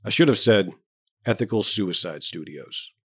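A man reading a story aloud, voicing a towering, self-important male doctor with a booming, hearty manner. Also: expressive, moderate pace, slightly rough, dry recording, clean studio sound. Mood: smooth. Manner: hearty, booming, bluff joviality.

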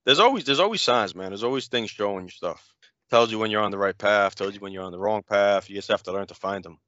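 A man's voice: lowish voice, lively intonation, fast, pushed and bright, no room sound, lo-fi sound. A man in a casual conversation, musing in a rambling, reflective way and often saying "you know".

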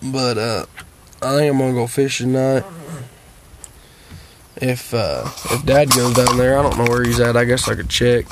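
A man's voice: medium pitch, fairly even intonation, normal speed, pauses often, a little hiss or hum. A worn-out man rambling profanely to his viewers from home, drawling through stories with lots of fillers. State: worn out and tired. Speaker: vlogger. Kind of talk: rambling casual monologue to viewers. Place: at home, sitting.

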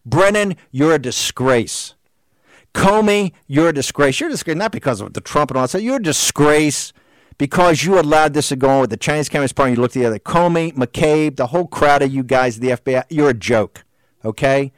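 A man speaks in a raised, combative voice, hammering the same questions again and again. His pitch sits a bit high for a man. The sound is close and dry, with no room around it. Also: fairly quick, no echo. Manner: shouting, combative, repetitive rhetorical questions. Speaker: show host. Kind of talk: heated political monologue.

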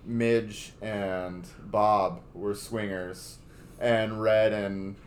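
Lower-voiced man ranting on a podcast. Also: flat delivery, extremely slow, slight background noise. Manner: profane, opinionated, speeds up when ranting. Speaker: podcast co-host. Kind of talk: casual chat.

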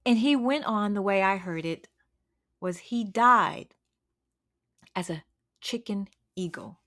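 A woman hosting an encouraging podcast, telling a story in an unhurried, dramatic way with frequent restarts. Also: on the high side, sharp tone. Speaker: podcast host. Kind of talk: storytelling devotional talk.

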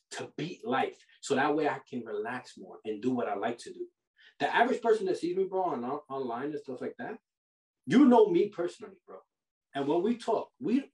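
A man hosting a podcast. He gives money advice in a casual, animated, preachy way, full of slang like "bro" and "yo". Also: a little high, far from the mic. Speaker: podcast host. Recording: roomy sound from off the mic.

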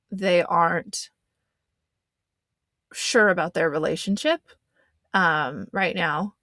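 A woman's voice: lowish voice, fairly bright tone, dry recording, clean studio sound. A young adult woman hosting a podcast, talking in a loose, rambling, casual way. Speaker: podcast host. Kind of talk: casual chat.

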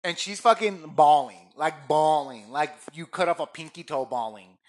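A man co-hosting a podcast, chatting casually and telling stories in a loud, joking, profane way. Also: on the high side, animated, normal speed. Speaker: podcast co-host. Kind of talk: casual crude chat.

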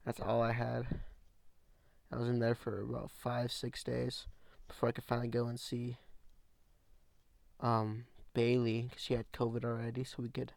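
A young man hosting a casual solo podcast from a small room at home, rambling in relaxed slang. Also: medium pitch, moderate pace, vocal fry, long pauses, no echo. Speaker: podcast host.

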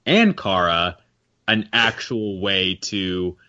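A man's voice: low voice, expressive, slow, bright, forceful tone, highs cut off. A man co-hosting a casual podcast chat in a laid-back, teasing way. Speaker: podcast co-host.

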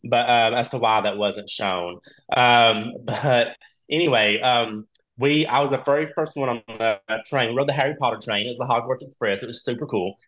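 Animated, laughing male storyteller. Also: mid-range voice, normal speed, low-quality recording. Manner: animated, laughs often, acts out quoted voices. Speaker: reality show contestant, podcast guest. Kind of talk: casual storytelling chat.

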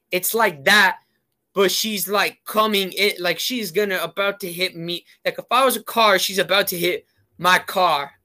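Bright, high-voiced man telling a story. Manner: rambling, heavy on fillers. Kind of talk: casual storytelling.

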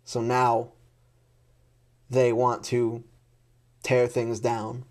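A man's voice: medium pitch, completely flat delivery, extremely slow, a little mellow. A man in an unscripted rant to camera, blunt and exasperated, swearing often and repeating himself. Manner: blunt, heavy swearing, repetitive; frustrated and exasperated.

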